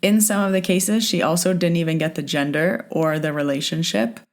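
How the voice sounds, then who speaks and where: Low-voiced chatty woman podcast host. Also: a little fast. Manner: chatty, leans on "like" and retells exchanges. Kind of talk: casual podcast storytelling.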